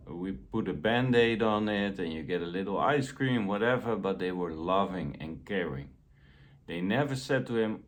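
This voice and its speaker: A man giving a motivational self-help talk in a gentle, deliberate way. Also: low-pitched, animated.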